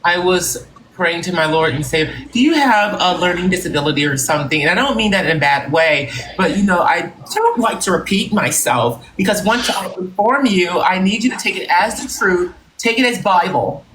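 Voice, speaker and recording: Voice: mid-range voice, animated, moderate pace, fairly bright tone, slight background noise, poor audio. Boastful live stream host. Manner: boastful, thanks viewers for gifts by name. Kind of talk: casual live stream chat.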